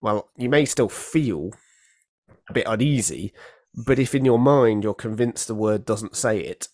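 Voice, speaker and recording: A man's voice: lowish voice, unhurried, a little mellow, no room sound, studio quality. A man in a casual theological discussion, making his points firmly and acting out short example exchanges. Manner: emphatic, explains with acted-out examples.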